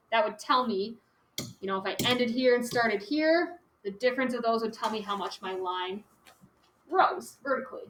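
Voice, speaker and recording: A woman's voice: on the high side, fairly bright tone. Chatty woman teacher in an echoey classroom. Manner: chatty, peppered with "like" and "okay". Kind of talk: classroom lecture. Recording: echoey classroom, faint noise.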